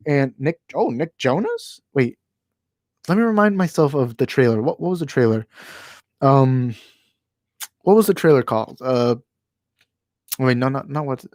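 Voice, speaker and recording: A man's voice: mid-range voice, a little mellow. A man hosting a casual live stream from home speaks into a handheld microphone in a middle-range voice. He rambles, trips over his words and restarts, and often apologizes for his opinions. The sound is dry and close, with no room echo. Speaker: channel host. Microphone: handheld microphone moved closer while talking.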